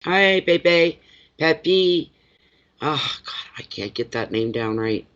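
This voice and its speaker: A man's voice: medium pitch, animated, unhurried, bright, forceful tone, highs cut off. A man who reads tarot cards, chatting casually on a live stream, greeting viewers by name and rambling between readings. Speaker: tarot card reader.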